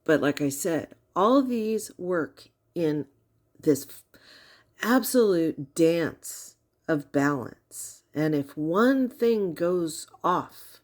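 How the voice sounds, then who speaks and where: A woman's voice: on the low side, a little mellow. A woman giving casual explanatory commentary, wry and teasing, often asking rhetorical questions.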